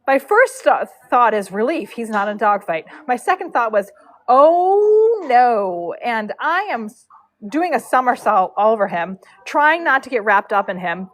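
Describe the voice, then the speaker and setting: A woman telling a rambling, animated story on a casual livestream, with frequent fillers. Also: on the high side, rough recording. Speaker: horse braider and live streamer.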